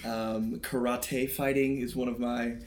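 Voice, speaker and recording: A man's voice: medium pitch, level tone, unhurried. Dry-humored young male podcast co-host. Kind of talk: casual chat.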